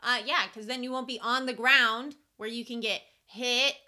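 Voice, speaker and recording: High, bright, giggly young woman. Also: steady tone. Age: late 20s. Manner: giggly, playful, quick to laugh. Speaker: podcast co-host. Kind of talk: casual chat.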